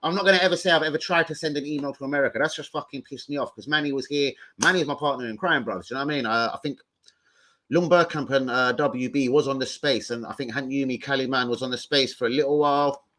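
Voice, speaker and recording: A man hosting a football fan livestream, talking in an excitable, sweary, rambling way. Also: mid-range voice, fast talker. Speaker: host of a football fan show. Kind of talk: casual livestream chat.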